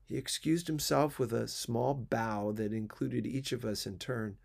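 A man narrating a classic novel in a measured, even storytelling manner. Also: medium pitch, vocal fry. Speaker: audiobook narrator. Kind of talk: literary audiobook reading.

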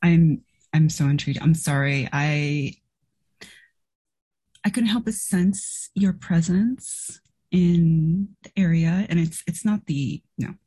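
A woman's voice: sits low, slow pace, warm tone, slightly rough, exaggerated voice. A woman playing a flamboyant artist obsessed with fashion, talking in a gushing, effusive way. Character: flamboyant fashion-loving artist with an eye for style.

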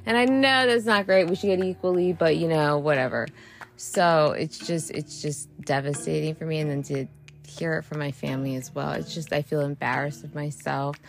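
A woman's voice: low voice, normal speed, creaky, soft background music. A woman hosting a solo podcast monologue, ranting heatedly with lots of swearing and scattered, restarting thoughts. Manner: profane, rambling rant; heated and frustrated. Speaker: podcast host.

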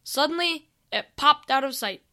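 Woman reading a fantasy story out loud, high bright voice, takes her time. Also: animated, moderate pace.

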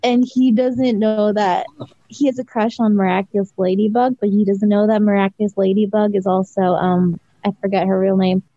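A woman's voice: medium pitch, little pitch movement, normal speed, dark tone, no room sound. A woman chats loosely on a podcast, stringing thoughts together with fillers and laughter. Her mid-range voice comes through a slightly muffled, dry recording. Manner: rambling, heavy use of "like", laughs often. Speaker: podcast co-host. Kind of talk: casual chat. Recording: slightly dull lo-fi sound.

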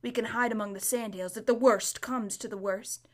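A woman voicing a proud, anxious male talking warhorse in a storybook reading, gruff and fretful, dropping into urgent hushes. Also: a little high, steady tone, normal speed, lightly acted.

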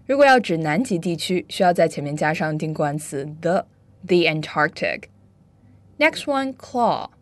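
A woman hosting a bilingual English lesson, upbeat, drilling words slowly and carefully. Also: fairly low pitch, lively intonation. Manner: upbeat, switches between Chinese and English, slow careful pronunciation drills. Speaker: English teacher and host.

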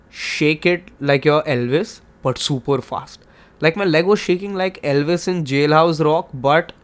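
A young man hosting a podcast, talking in a hyped, rambling, jokey way and swearing often. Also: mid-range voice. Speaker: podcast host. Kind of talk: casual monologue.

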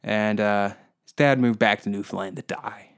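A man's voice: on the low side, moderate pace, clear, resonant tone. A man hosting a solo comedy podcast, rambling in a profane, mocking rant. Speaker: podcast host.

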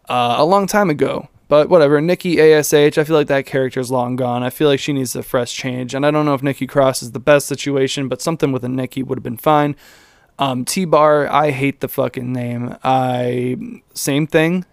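A man's voice: medium pitch, clear, resonant tone, no echo, studio quality. A young man hosting a casual solo podcast, rambling and cursing, with lots of fillers and self-mocking asides. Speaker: podcast host.

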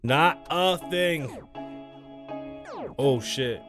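A man's voice: on the high side, animated, moderate pace, over music. A man from the Bronx, hosting a podcast in loose, profane, riffing chat and teasing his co-host. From the Bronx, New York. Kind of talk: casual freestyle podcast talk.

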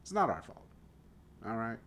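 This young podcast co-host has a Southern American accent and drops the g on his -ing words while chatting animatedly on a casual sports show. His voice sits at medium pitch and he talks at a moderate pace.

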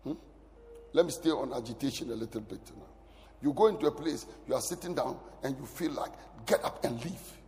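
A man preaching a sermon as pastor, his delivery swinging from loud bursts to near whispers. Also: medium pitch, a little fast, slight background noise. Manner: animated preaching, sudden loud rises and drops to near whisper. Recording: long hall reverb.

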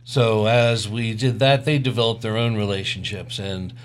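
A man's voice: lowish voice, fairly even intonation, moderate pace, a little hiss or hum. A man in his sixties co-hosting a podcast, chatting casually and joking with his wife. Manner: easygoing, joking. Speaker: podcast co-host. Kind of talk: casual chat with spouse.

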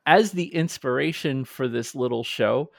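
A man's voice: medium pitch, creaky, dry recording, studio quality. A man hosting a podcast in casual chat, talkative and self-deprecating. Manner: chatty, self-deprecating, quick restarts. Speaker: podcast host.

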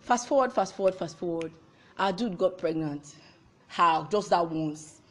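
A woman's voice: fairly low pitch, unhurried. A young woman tells a role-reversal story, firing off repeated rhetorical questions.

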